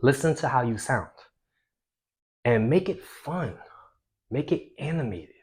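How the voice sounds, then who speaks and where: A man coaching viewers on social confidence, talking with energy and swinging between a loud voice and a hushed one. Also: mid-range voice, sing-song, a little slow. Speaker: self-improvement coach. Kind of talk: instructional talk to camera.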